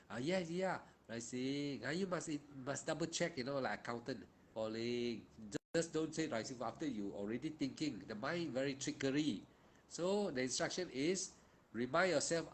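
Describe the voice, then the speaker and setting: A man's voice: on the high side, lively intonation, moderate pace. A man with a Malaysian English accent teaching a meditation session, talking in an informal, repetitive, emphatic way with local slang particles. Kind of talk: guided meditation instruction.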